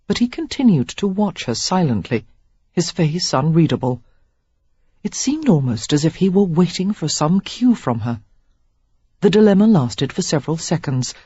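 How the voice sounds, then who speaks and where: Woman narrator, audiobook reading, husky voice, lively pitch, dull dry recording. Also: no echo. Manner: expressive, measured reading. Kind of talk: scripted narration.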